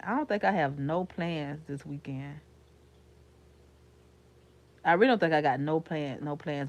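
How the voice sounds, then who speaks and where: This woman's voice is fairly low, recorded without any room sound. She's a YouTuber from Florida, speaking with a Florida accent, rambling casually to her livestream chat and addressing viewers as honey and sugar.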